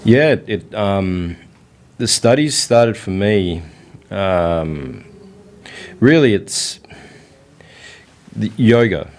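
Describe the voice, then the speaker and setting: An Australian man being interviewed in a relaxed, rambling way with many fillers and frequent laughs. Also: on the low side, extremely slow, pauses often. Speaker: interview guest. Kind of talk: casual interview chat. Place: indoors in India.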